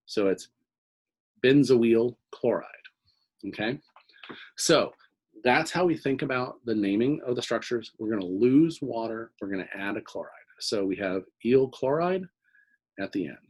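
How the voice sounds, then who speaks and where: A man's voice: medium pitch, darkish tone, husky, low-quality recording. A man teaching organic chemistry in a recorded lecture, explaining step by step and often checking in with "okay?".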